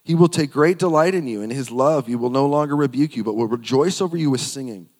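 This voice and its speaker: A man's voice: mid-range voice, fast talker, darkish tone, in a large hall. A man preaching a sermon, reading scripture aloud and repeating phrases for emphasis.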